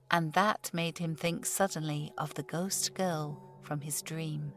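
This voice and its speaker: A woman narrating a horror audiobook in a measured, steady storytelling voice. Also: deep voice, faint music behind. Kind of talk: scripted narration.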